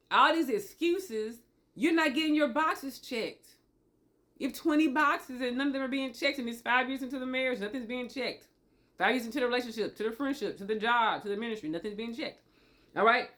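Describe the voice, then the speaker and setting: A woman's voice: on the high side, animated, normal speed, fairly bright tone. A woman giving relationship advice straight to camera, repeating her points emphatically and checking in with "okay?". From Tennessee. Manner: emphatic and repetitive, asks okay often. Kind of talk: motivational monologue to camera.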